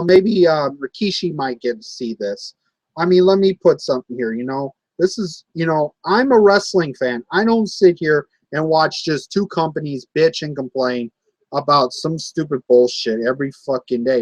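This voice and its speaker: A man's voice: a little high, lively intonation, moderate pace, no room sound, poor audio. A man in his late twenties ranting angrily to camera about wrestling fans, swearing and repeating himself. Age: 20s. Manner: angry, profane, repeats himself. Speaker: wrestling vlogger.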